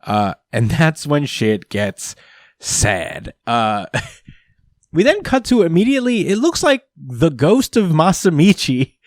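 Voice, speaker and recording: A man's voice: a little high, sing-song, slow, dry recording, studio quality. A man casually recapping a comic chapter on a podcast, rambling with lots of ums and uhs and frequent laughter. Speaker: podcast host. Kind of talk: casual manga recap chat.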